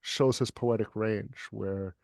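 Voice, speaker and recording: A man who is a poet and guest reader, reciting a poem in an even, unhurried way and then chatting casually over a video call. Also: on the low side, vocal fry, no echo, studio quality. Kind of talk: poetry recitation and casual chat.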